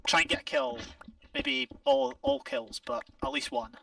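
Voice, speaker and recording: High gravelly Scottish man, rambling. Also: animated, moderate pace, pushed and bright, no room sound, far from the mic, poor audio. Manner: rambling, self-correcting, laughs often. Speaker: game player. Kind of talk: casual gameplay chat.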